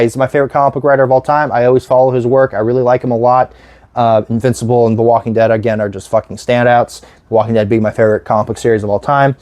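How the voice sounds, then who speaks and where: A man's voice: mid-range voice, darkish tone. A young man talking casually about his disc collection, rambling, swearing freely and losing his train of thought.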